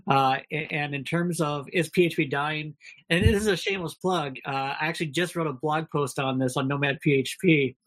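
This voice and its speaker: A man's voice: a little high, steady tone, normal speed, fairly bright tone. A man with a Minnesota accent co-hosting a casual podcast, rambling and self-deprecating with lots of fillers. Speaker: podcast co-host.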